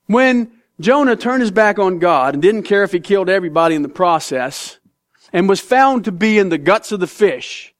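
Emphatic high-voiced male preacher. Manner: emphatic, conversational, addresses the congregation directly. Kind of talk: sermon.

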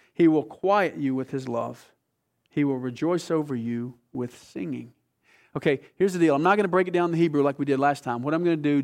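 A man preaching a sermon as pastor, swinging from loud emphatic bursts to slow, hushed, intimate reading of scripture. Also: fairly high pitch.

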